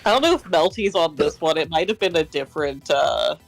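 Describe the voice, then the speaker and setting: An easygoing guest on a casual stream speaks in a mid-pitched voice with a lively, swinging melody. Giggly asides come through over faint music. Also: brisk, gravelly, rough recording. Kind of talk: casual chat.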